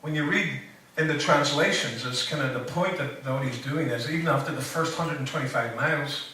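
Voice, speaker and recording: A preacher man with a bright, ringing voice gives a loose, joke-filled sermon full of ums and asides. He sounds a little off the mic, and his voice bounces around a very echoey church hall. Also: mid-range voice, a little fast, a little hiss or hum. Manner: rambling, joking asides, many fillers. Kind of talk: casual sermon. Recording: echoey room, voice from a distance.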